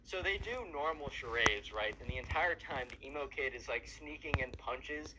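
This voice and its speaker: A man's voice: mid-range voice, animated, normal speed, heavy background noise. A man casually telling a long story while gaming, chatty and full of fillers. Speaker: storyteller and gamer. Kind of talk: casual storytelling over gameplay.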